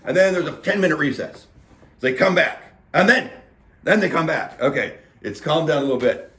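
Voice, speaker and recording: A man's voice: a little high, expressive, brisk, a bit bright. A man casually recapping a meeting, full of fillers and acting out what people said. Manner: chatty, filler-heavy, acts out quotes. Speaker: local government meeting recapper. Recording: roomy echo.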